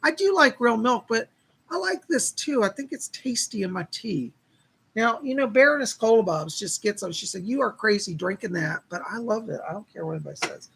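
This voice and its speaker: A man's voice: very high voice, big pitch swings, a little fast, gravelly, a bit bright, slight background noise. A man hosting a live psychic-reading stream, chatting in a folksy way and greeting viewers by name, his voice strained and tired. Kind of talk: casual live-stream chat.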